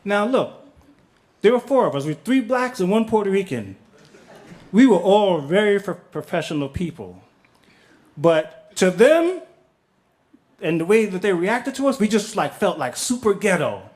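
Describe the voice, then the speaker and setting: A man's voice: sits high, big pitch swings, normal speed, pauses often, darkish tone. A middle-aged man telling a story on stage, casual and profane, acting out the people he quotes.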